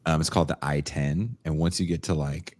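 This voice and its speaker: A man hosting a podcast in casual chat, animated and joking, quick to laugh. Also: a bass voice. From United States. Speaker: podcast host.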